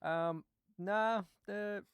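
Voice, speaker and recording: A man's voice: high voice, fairly even intonation, very slow, clear, resonant tone, no room sound. A man who is a guest drummer on a podcast, giving brief, laid-back answers in a casual studio chat. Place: recording studio.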